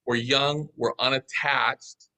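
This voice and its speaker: A man telling a business story as an interview guest, in a lively, anecdotal way. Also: mid-range voice, slow, poor audio.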